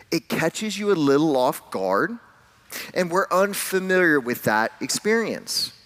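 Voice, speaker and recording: A man, a pastor, preaching a sermon in a relaxed, conversational way, telling a personal story with light self-deprecating humor. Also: fairly high pitch.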